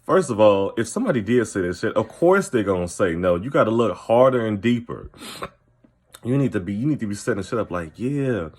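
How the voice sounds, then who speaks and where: A man's voice: fairly low pitch, animated, a little fast, darkish tone, breathy edge. Blunt, foul-mouthed man recapping TV. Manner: blunt, profane, opinionated. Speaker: TV recap commentator. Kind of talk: casual recap commentary to camera. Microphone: camera.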